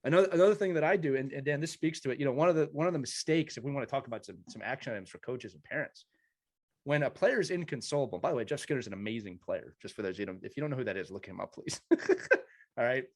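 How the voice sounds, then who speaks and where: A man's voice: mid-range voice, very fast. A man hosting an interview podcast, telling personal stories earnestly with many restarts. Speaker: podcast host. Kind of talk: conversational interview.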